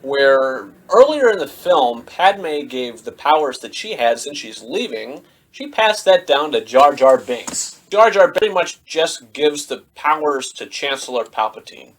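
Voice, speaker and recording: Animated young man rambling about a film. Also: mid-range voice, a little slow, hardly any pauses, rough recording. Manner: animated, rambling retelling with many fillers. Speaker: movie reviewer. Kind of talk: casual film review.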